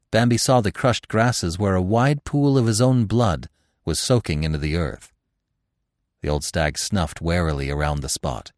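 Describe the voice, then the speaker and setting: A man with a very deep voice narrates a classic tale, letting his pitch rise and fall widely. He tells the story expressively, and the recording is dry and close. It is an audiobook reading. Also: animated, unhurried, no echo.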